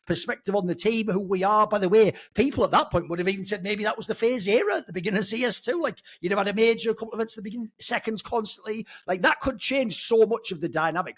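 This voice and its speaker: A man's voice: high-pitched, a bit bright, husky. A man, an esports pundit rambling irreverently in casual podcast chat, sometimes swearing.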